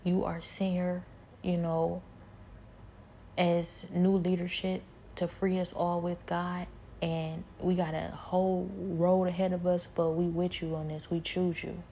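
A woman giving a rambling personal spiritual testimony, speaking softly and often dropping into a whisper. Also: fairly low pitch, little pitch movement, unhurried, slight background noise. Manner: soft-spoken, often trailing into whispers; rambling, many fillers and repeats.

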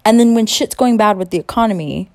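A woman's voice: medium pitch, quick pace, darkish tone, dry recording. A young woman in a late-night rant, angry and profane, with heavy emphasis on her words. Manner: mocking whiny voice when imitating others. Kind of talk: late-night ranting monologue.

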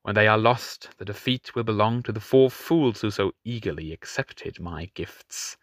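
A man voicing a mocking, cruel male pirate king who taunts slowly and slyly, with sudden high mocking lifts. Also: expressive, fairly bright tone, dry recording, studio quality. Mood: taunting.

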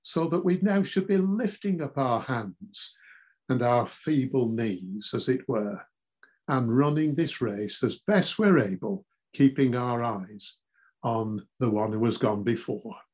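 A man preaching a sermon in a measured, earnest way, reading scripture aloud. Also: medium pitch, expressive, a little mellow, breathy edge.

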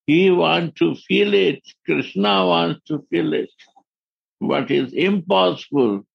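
A man giving a devotional discourse as a spiritual teacher, in halting non-native English and laughing often. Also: a little high, vocal fry, breathy edge, no echo, dull audio.

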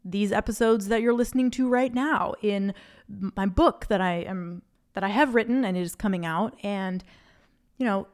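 Slow, earnest woman podcast host. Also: mid-range voice. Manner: earnest, faith-filled, rambling stream of consciousness. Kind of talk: unscripted solo podcast reflection. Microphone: studio microphone.

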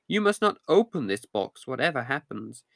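A man reading the lines of a tender sea princess in a storybook, speaking softly and formally. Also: a little high, normal speed, dry recording, studio quality. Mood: urgent warning. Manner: soft, formal storybook speech.

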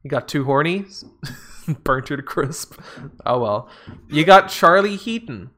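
A man's voice: fairly high pitch, expressive, a little slow, bright, forceful tone. A man in casual chat, recapping a movie with sarcastic, profane jokes and frequent laughs. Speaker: podcast co-host.

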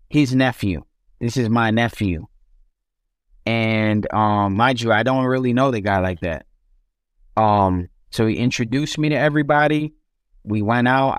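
A man's voice: mid-range voice, no echo, studio quality. A young man casually telling his life story as an interview guest, loose and rambling with many restarts.

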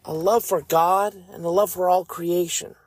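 Male podcast host, earnest faith commentary, slightly raised pitch, dry close sound. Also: steady tone, dry recording. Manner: earnest, measured, reflective. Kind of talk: faith commentary and scripture reading.

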